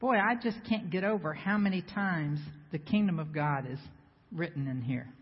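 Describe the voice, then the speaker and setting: A woman's voice: on the low side, moderate pace, slightly rough. Woman preaching in an echoey hall. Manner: lively, banters with the congregation, asks rhetorical questions. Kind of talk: sermon. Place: church sanctuary before a congregation. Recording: echoey hall, slightly dull sound.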